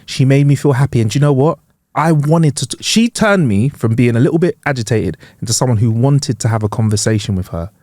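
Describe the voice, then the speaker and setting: A man's voice: medium pitch, animated, a little fast, warm tone, no room sound. A man co-hosting a podcast in easygoing, playful chat with slang, close to the mic in a dry room. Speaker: podcast co-host. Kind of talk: casual chat.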